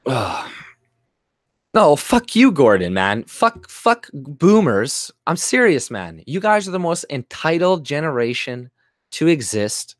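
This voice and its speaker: A man's voice: fairly high pitch, big pitch swings, slow pace, dry recording, studio quality. A man from Canada ranting angrily about politics on his own channel, swearing constantly and mocking the people he argues with. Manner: heated, profane, swearing constantly; mocks others in put-on voices. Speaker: YouTuber. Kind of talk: angry political rant.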